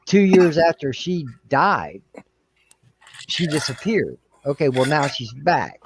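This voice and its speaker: A man's voice: on the high side, very animated, takes it slowly, background noise. A man chatting casually on a review panel, hesitant and repeating himself, swearing when teased. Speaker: podcast panelist. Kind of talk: casual chat.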